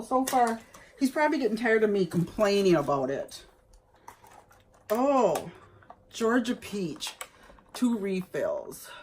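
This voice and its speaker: A woman's voice: on the high side, slight background noise. A woman vlogger chatting casually to viewers as she unboxes gifts, exclaiming over each item.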